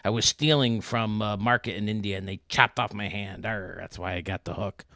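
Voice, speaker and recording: A man's voice: fairly low pitch, fairly even intonation, normal speed, pushed and bright, no echo, studio quality. A man putting on a boastful male pirate voice with growled "arr" bursts in a told joke. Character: gruff boastful male pirate, peg leg, hook.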